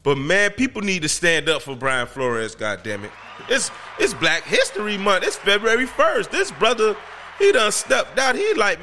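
A man hosts his own podcast in loose, slangy talk that builds into emphatic rants. His voice sits a little high and sounds bright and forceful. Faint music plays under him. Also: sing-song, normal speed. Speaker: podcast host. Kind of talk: casual solo podcast commentary.

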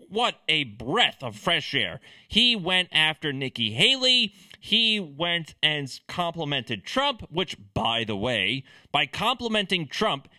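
A man's voice: on the high side, pushed and bright, no room sound. A man giving sarcastic, opinionated political commentary in a ranting manner.

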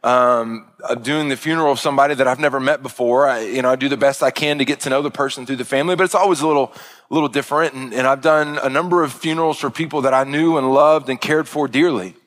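A middle-aged man, a pastor, telling a story in a sermon with many halting restarts. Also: medium pitch, steady tone, a bit bright, dry recording.

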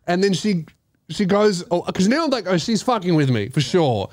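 A young Australian man hosts a casual podcast, telling a story with plenty of swearing. His voice sits high and swings widely as he acts out his own reactions. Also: normal speed, dry recording, studio quality. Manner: swearing, animated, laughing through the story, acting out his own voice. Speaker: podcast host.

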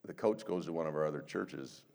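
A man's voice: extremely low pitch, fairly quick, creaky, darkish tone. An older man, a pastor of many years, giving a conversational sermon, telling stories with self-deprecating humor and acting out quotes.

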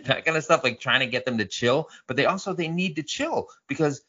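A man's voice: on the high side, lively intonation, brisk, bright, forceful tone, slightly rough. A man in his thirties, a father co-hosting a podcast, chatting in a jokey, rambling way and reading out listener comments. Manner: jokey, rambling, frequent "right?" tags. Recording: slightly muffled recording.

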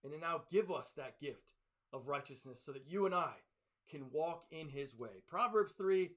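A man preaching a sermon to his church, swinging from loud, urgent passages to hushed, tender ones. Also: on the high side, lively intonation, moderate pace. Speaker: pastor.

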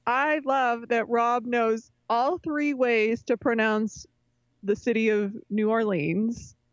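A woman's voice: on the high side, fairly even intonation, slow pace, dry recording, muffled recording. A woman co-hosting a casual podcast, chatty and opinionated, laughing often. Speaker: podcast co-host. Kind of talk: casual chat.

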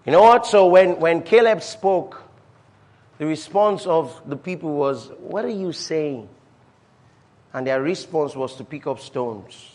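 A man preaching a sermon as pastor, emphatic, with repeated refrains and swings from loud declarations to quiet asides. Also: on the high side, a little slow.

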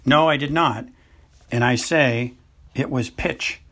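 A man reading aloud as an eccentric older woman seer, hesitant and halting, with a husky voice. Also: mid-range voice, fairly bright tone. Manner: hesitant, halting with ums and uhs. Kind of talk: amateur audiobook reading.

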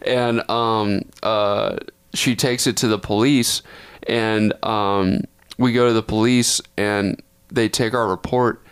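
A man's voice: fairly low pitch, steady tone, slow, clear, resonant tone. A young man from Texas, a podcast co-host, telling a long story in a rambling, profane way, often correcting himself. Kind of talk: casual storytelling.

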